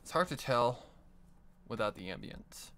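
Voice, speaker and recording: A man's voice: mid-range voice, lively intonation, measured pace, a bit bright, a little hiss or hum. A man on a live stream, casually muttering to himself as he edits audio. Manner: muttering to himself while working.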